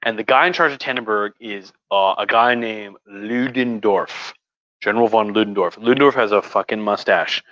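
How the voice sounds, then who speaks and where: A man with a lowish, slightly bright voice speaks at a moderate pace in a dry recording whose audio is dull and muffled. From a room at home, he hosts a casual history livestream while tipsy on wine, rambling, restarting, and being crude and profane.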